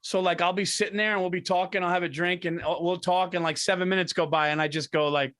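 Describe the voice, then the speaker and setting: Podcast co-host, middle-aged man, slightly high voice, animated profane ranting storyteller. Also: quick pace. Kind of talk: casual comedic storytelling.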